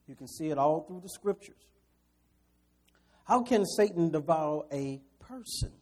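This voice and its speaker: High-voiced, animated male preacher. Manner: animated, swings from quiet scripture reading to loud, quick preaching; chuckles between points and talks straight to the congregation. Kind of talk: sermon.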